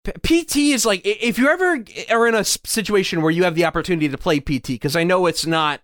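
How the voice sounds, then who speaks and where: A man's voice: high voice, fast, fairly bright tone. A young man co-hosting a podcast in casual chat, saying "dude" a lot and letting his sentences trail off. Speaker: podcast co-host.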